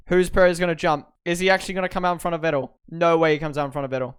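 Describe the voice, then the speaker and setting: A young man hosts a race review in a casual, excitable way. His voice sits a little high and sounds smooth and clear. He swears freely and often breaks into shouts of disbelief. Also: very fast, hardly any pauses. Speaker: host reviewing races. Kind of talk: live watch-along reaction and review.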